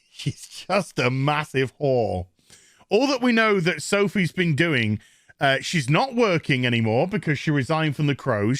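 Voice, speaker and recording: A Northern English man tears into a TV episode with crude, mocking sarcasm. His pitch leaps all over the place as he lurches between voices. The sound is close and dry, with no room around it. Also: a bit bright, no echo. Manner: mocking, crude, acts out characters in silly voices. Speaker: TV show reviewer. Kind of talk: sarcastic recap rant.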